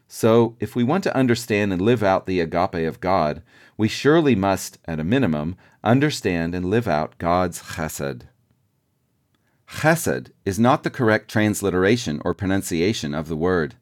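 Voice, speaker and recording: A man narrating a devotional book in a measured, deliberate reading style. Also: low voice. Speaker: audiobook narrator.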